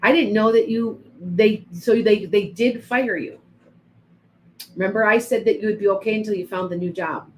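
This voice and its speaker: A woman talking through a live online reading session, greeting viewers one after another and breaking off her sentences to start again. Her voice is mid-pitched and conversational, caught on a home mic with a faint hum underneath. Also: normal speed, rough recording. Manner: chatty, addresses viewers by name, frequent restarts. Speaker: psychic reader on a livestream. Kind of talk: live-stream reading and chat.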